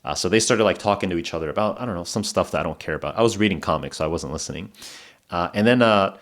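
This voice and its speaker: A podcast host with a low voice talks quickly, telling a casual, rambling story packed with fillers and restarts. Now and then he breaks into laughter.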